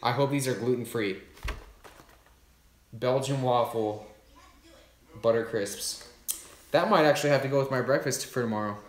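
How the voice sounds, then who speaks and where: A young man chatting on a livestream while unboxing gifts, hyped and swearing, bursting into loud exclamations. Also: medium pitch, normal speed, long pauses, roomy sound, a little hiss or hum. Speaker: YouTube creator livestreaming an unboxing. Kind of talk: excited livestream unboxing chat.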